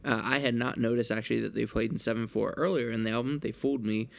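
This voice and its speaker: A man co-hosting a music podcast, with a gravelly, vocal-fry edge to his voice. He sounds upbeat and enthusiastic, explaining things in plain terms for listeners. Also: medium pitch, steady tone, quick pace. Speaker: podcast co-host. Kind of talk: casual music review chat.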